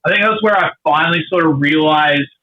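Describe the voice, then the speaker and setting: A middle-aged wrestler appears as a guest on a casual podcast, telling earnest, rambling stories packed with fillers. His voice is a little high and fairly quick, and the dull lo-fi recording carries slight background noise.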